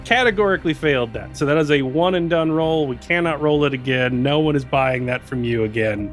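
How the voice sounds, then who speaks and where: A man running a tabletop game as game master, explaining rules in a relaxed way and laughing often. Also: fairly high pitch, brisk, faint music behind.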